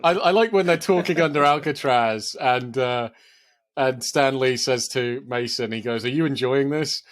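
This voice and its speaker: A man's voice: mid-range voice, measured pace. A man co-hosting a casual film podcast, laughing often, swearing, and acting out movie lines. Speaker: podcast co-host.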